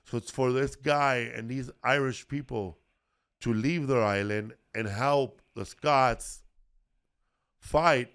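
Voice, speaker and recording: A man hosting a casual history podcast, talking at an ordinary middle pitch. He rambles through the story, full of ums, restarts and swearing, in loose comedic chat. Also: slow, fairly bright tone, clear, resonant tone. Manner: rambling, profane, many fillers and restarts. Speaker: podcast host.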